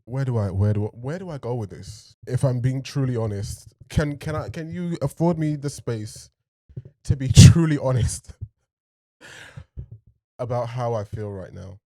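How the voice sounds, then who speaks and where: Mellow man reacting to a TV show. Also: medium pitch, moderate pace, no room sound, clean studio sound. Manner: expressive, talks to the viewer, laughs and trails off. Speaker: TV reaction host. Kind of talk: emotional reaction commentary.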